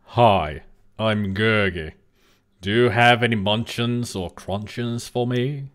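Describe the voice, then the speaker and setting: A man voicing a polite, gentlemanly male creature companion in a video game, speaking in a low, posh manner. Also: slow pace. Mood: cheerful. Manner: posh, courteous.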